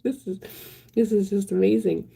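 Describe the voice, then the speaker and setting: A woman casually chatting on a live stream, reading viewer comments aloud in a soft voice that often drops to a whisper. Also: mid-range voice, steady tone, moderate pace, gravelly, husky.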